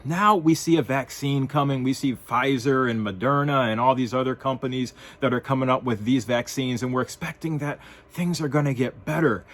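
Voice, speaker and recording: A man's voice: medium pitch, fairly quick. A man talks straight to his viewers in a casual vlog. His commentary is sarcastic and wry, swinging between joking asides and more serious points. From United States. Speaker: vlogger.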